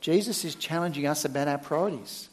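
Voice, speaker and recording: A middle-aged male church minister preaching a sermon, with emphatic, expressive delivery and sudden loud stresses. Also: fairly high pitch, a little fast, long reverb tail, slight background noise.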